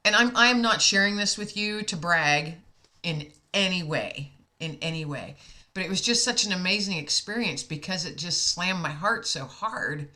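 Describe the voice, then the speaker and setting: An American woman shares a personal story in a casual chat. Her voice sits a little low but sounds bright and forceful, and it is often close to tears or laughter. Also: animated, normal speed. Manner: heartfelt, emotional, laughs often. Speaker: co-host telling a personal story.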